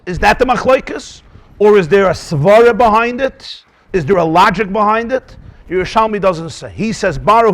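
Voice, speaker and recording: A rabbi teaching a Talmud class, his voice pitched high and swooping all over the place. He keeps asking rhetorical questions and drops in Yiddish and Hebrew terms as he explains. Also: a bit bright.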